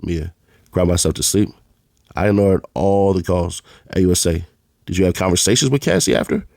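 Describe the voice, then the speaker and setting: A man with a very low voice reads court testimony aloud line by line. He names each speaker before their lines and keeps a plain read-aloud delivery. The sound is dry and close, with no room around it. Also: moderate pace, creaky, a little mellow, no room sound. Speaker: channel host reading court testimony. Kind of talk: reading a trial transcript aloud.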